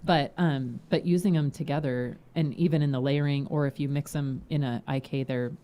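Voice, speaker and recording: A woman's voice: extremely low pitch, fairly even intonation, moderate pace, lo-fi sound. A woman co-hosting a casual podcast, chatty and laughing often as she tells stories. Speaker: podcast co-host.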